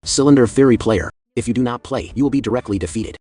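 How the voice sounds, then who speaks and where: A man's voice: on the low side, lively intonation, moderate pace, slightly rough. A man voicing a cold, scornful male clown who runs a deadly game, in a recap story narration. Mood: cold mocking.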